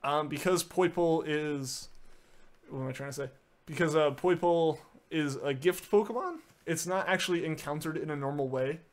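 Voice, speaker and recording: With a fairly high pitch and moderate pace, a male streamer chats casually during a game and responds to viewer messages. He leans on filler words, many of them "like," and keeps restarting his sentences.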